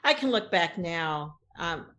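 Animated, rambling woman. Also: on the low side, unhurried, a little hiss or hum. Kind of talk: casual conversation.

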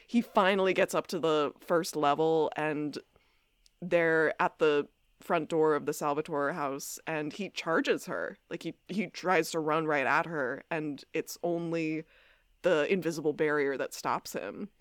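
In a clean studio recording with no echo, a woman with a low, steady voice co-hosts a podcast at a measured pace. She recaps a TV episode in casual chat, acting out quotes and laughing often.

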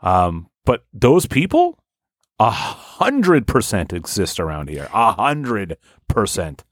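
Guy hosting a podcast, lowish voice, rambles and cusses, dry close sound. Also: wildly swooping pitch, takes it slowly, no echo. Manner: rambling, frequent swearing and fillers. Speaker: podcast host. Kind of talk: casual chat.

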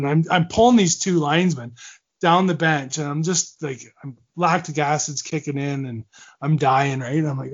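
A man with a fairly high speaking voice tells stories as a podcast guest, acting out what people said and laughing as he goes. The audio is dull and lo-fi. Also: a little fast. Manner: animated, acts out quotes, laughs often. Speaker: guest, former hockey player. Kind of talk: storytelling in a casual podcast interview.

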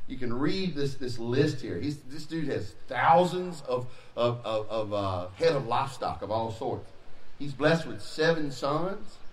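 A man's voice: medium pitch, a little hiss or hum. Casual, joking preacher man in an echoey hall. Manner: conversational and joking, with loud emphatic bursts. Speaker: pastor. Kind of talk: sermon. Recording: roomy echo, distant from the mic, faint ambience.

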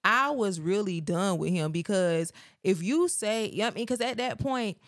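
A young adult woman co-hosting a podcast, telling her story in an animated, emphatic way and repeating phrases for punch. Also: mid-range voice, moderate pace, no room sound, studio quality. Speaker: podcast co-host. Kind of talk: casual storytelling chat.

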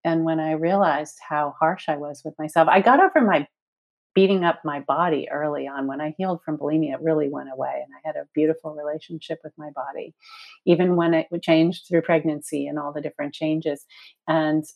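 Woman in her 60s, deep voice, earnest interview chat, acts out inner voices. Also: a little mellow. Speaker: guest. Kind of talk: reflective interview talk.

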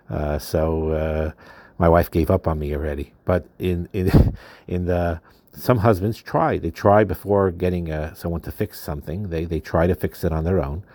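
A man's voice: low-pitched, mellow, no room sound. A man hosting a podcast, giving marriage advice in a casual, hesitant way with many fillers and restarts.

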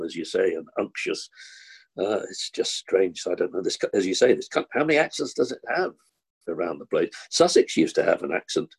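Gravelly older man. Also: sits low, a little mellow. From London. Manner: rambling anecdotal, chuckling. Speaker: actor guest. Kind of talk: casual interview chat.

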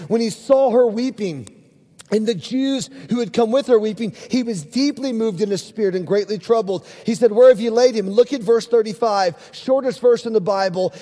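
A man's voice: high-pitched, mellow. A middle-aged man, a pastor, preaching an earnest, emphatic sermon and calling out to his congregation. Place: church sanctuary. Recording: long hall reverb.

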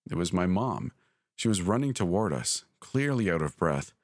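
A man with a very deep voice narrates a scripted horror story. He speaks in a measured, deliberate way, and the recording is dry and close. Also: very animated, no echo. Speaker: podcast narrator.

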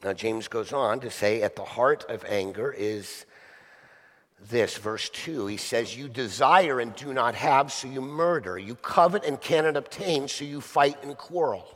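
A man's voice: medium pitch, measured pace, fairly bright tone, in a large hall. A male pastor preaching a sermon conversationally, often asking the listeners rhetorical questions.

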